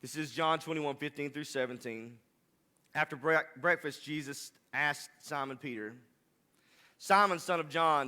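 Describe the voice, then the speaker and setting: A man's voice: on the high side, unhurried, sharp tone. A man preaching a sermon, rising to impassioned, emphatic delivery. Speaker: pastor.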